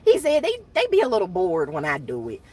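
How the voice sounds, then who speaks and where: A woman's voice: on the low side, wildly swooping pitch, a little fast, darkish tone, slightly rough. A woman hosting her own channel, chatting casually and animatedly to viewers, laughing often. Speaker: channel host.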